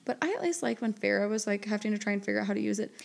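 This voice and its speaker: A young woman co-hosting a book podcast in relaxed casual chat. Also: mid-range voice, racing, creaky. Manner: relaxed, conversational, fillers like "like".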